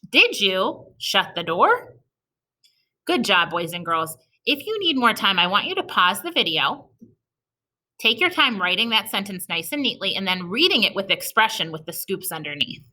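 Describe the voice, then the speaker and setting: A woman teaching an early-reading lesson to young children in a recorded video, sounding out each letter slowly and patiently and praising them. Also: mid-range voice, bright, forceful tone.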